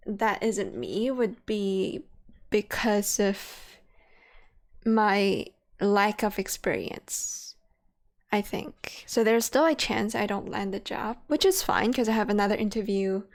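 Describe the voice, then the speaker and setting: A young woman streaming, chatting casually and laughing often while a little out of breath. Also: medium pitch. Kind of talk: casual chat.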